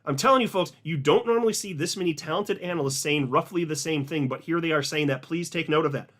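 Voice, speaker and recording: A man speaks in a somewhat high voice, casual and animated as he talks straight to his viewers. He doubles up words for emphasis and sounds keyed up and eager. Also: fast talker. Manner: excited, emphatic, repeats words. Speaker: crypto video host. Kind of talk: casual commentary to camera.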